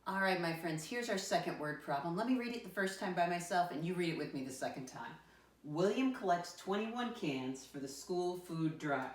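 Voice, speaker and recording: A woman teaching first graders a math lesson in a lower, sing-song voice, counting numbers out loud and coaxing the class along. She sounds a little far from the microphone, in a roomy, echoing space. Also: animated, normal speed. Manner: sing-song teacher voice, counting aloud, calls listeners "my friends". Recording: roomy sound from a distant mic.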